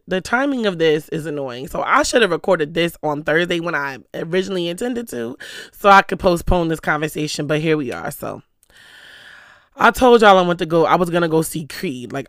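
A lively vlogger spills gossip to the camera, cursing often and jumping between stories. The voice comes across bright and smooth, recorded dry and close on a stand mic in a small room at home. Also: mid-range voice, no echo. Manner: animated, profane, gossipy storytelling. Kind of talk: casual chat to the camera. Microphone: stand mic close to the speaker.

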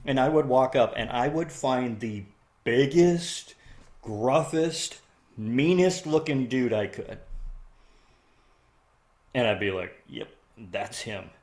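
A man in casual conversation, an animated storyteller who laughs often and jumps into loud, excited voices when quoting. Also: mid-range voice, slow pace, long pauses. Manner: laughs often while talking.

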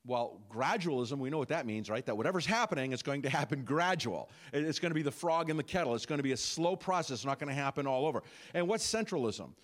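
A man preaching a sermon, animated, with frequent rhetorical questions and asides to the congregation. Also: mid-range voice, quick pace. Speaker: pastor.

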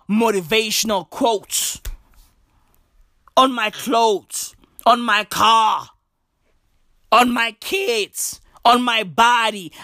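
A woman's voice: a little high, sharp tone, no echo, clean studio sound. A woman delivering a profane comic rant, full of slang, swearing and emphatic repeats. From South Africa.

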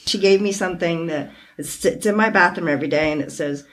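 A woman hosting a podcast, talking with a close friend in an emotional, heartfelt way, teary and halting at times. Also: lowish voice. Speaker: podcast host. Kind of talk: emotional casual chat.

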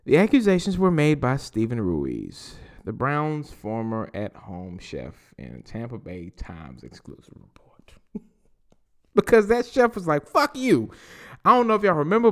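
A man with a Southern US accent hosting a podcast, reading news stories aloud and riffing on them with loose, profane commentary. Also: medium pitch. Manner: reads news aloud and riffs with laughs and profanity. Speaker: podcast host.

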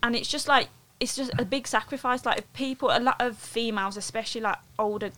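A woman's voice: a little high, a little fast, a bit bright. Chatty woman, loose. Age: late 20s to 30s. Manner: chatty, loose, many fillers. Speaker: guest footballer and coach. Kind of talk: casual podcast chat.

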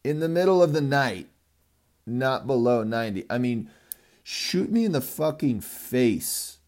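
A man's voice: medium pitch, lively intonation, measured pace, darkish tone. A young man from California rambling through a casual, profane monologue as a podcast host, joking and cursing freely.

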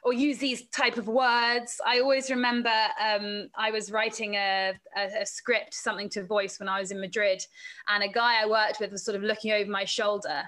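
Bright-voiced chatty woman. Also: medium pitch, little pitch movement, normal speed. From England. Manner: chatty, laughs often, acts out quoted voices. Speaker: sports presenter and reporter, podcast guest. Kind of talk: casual interview answers.

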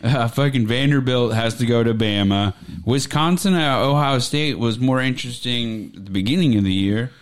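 A man co-hosting a casual chat, running through a list of upcoming college football games with relaxed, joking, profane remarks. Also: mid-range voice, normal speed, few pauses. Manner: laid-back, joking, profane. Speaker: podcast co-host.

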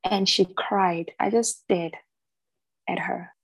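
A woman's voice: mid-range voice, steady tone, takes it slowly, breathy edge, no echo, poor audio. Frank young woman, dry close sound. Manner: frank, laughs often, acts out what people said to her. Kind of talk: candid casual chat.

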